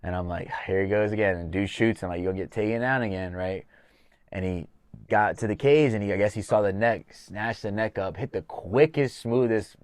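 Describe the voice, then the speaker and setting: A man with a fairly low voice tells fight stories on a casual podcast. He is animated and swears freely, acting out what was said in the corner. The sound is dry and close. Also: moderate pace, dry recording. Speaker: podcast host and MMA coach.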